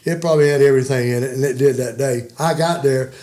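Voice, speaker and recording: With medium pitch, fairly even intonation, and a darkish tone, this man speaks quickly. He's a guest in his sixties telling rambling, folksy hunting stories punctuated by chuckles.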